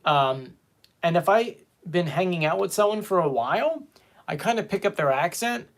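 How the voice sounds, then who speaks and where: Animated chatty man. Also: high voice, moderate pace. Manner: chatty, reads viewer comments aloud, animated. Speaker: fan show host. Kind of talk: casual live-stream chat.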